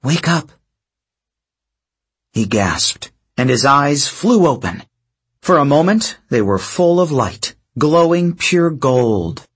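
A man narrating an audiobook in slow, expressive storytelling. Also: on the high side. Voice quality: husky, breathy.

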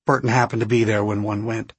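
A man with a husky voice voicing a calm senior male scientist who speaks in a measured, reassuring way in an audiobook. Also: lowish voice, no room sound.

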